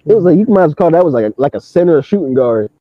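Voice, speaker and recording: A man's voice: on the high side, rapid-fire, no echo. Young man telling a slangy story. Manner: animated, slangy storytelling with laughter. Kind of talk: casual chat. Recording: dull lo-fi sound.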